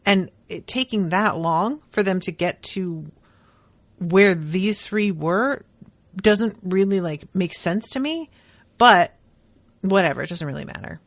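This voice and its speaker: A woman's voice: on the low side, lively intonation, slow, no echo. A woman hosting a podcast, recapping book chapters in a chatty way, with lots of "like" and "um" and some casual swearing. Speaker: podcast host.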